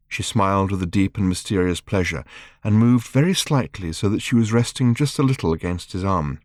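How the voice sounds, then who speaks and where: A man reading his own book aloud as an audiobook narrator, in a wry, measured storytelling manner. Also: low voice, dry recording, clean studio sound.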